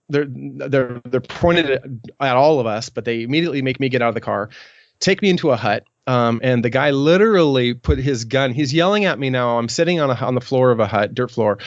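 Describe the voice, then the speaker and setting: A man's voice: mid-range voice, no echo. Middle-aged male guest, rambling storyteller, dry close sound, a little muffled. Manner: rambling, many restarts and ums. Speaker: podcast guest. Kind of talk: storytelling in an interview.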